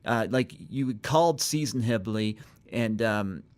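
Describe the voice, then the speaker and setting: A man hosting a casual interview podcast, building his points haltingly with repeated words. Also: lowish voice, a little mellow. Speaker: podcast host.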